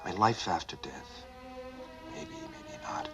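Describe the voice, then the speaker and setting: An actor playing a thoughtful man who muses quietly about ghosts in a clip from a 1970s TV series. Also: sits low, huge pitch swings, a little slow, exaggerated voice. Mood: musing. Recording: TV clip with music behind.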